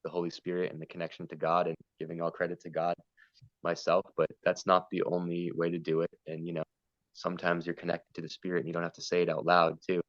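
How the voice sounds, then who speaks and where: A man's voice: low-pitched, monotone, fast, no room sound, highs cut off. A man talking earnestly and at length in a spiritual conversation, wandering between ideas and stories. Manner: meandering, earnest, storytelling. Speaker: podcast guest.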